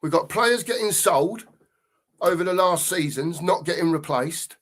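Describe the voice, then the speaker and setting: A middle-aged man hosts a live football show, venting in an angry, sweary rant that circles back on itself. His voice sits a little high for a man. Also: expressive, a little slow, fairly bright tone. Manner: angry, sweary, repeats himself. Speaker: podcast host.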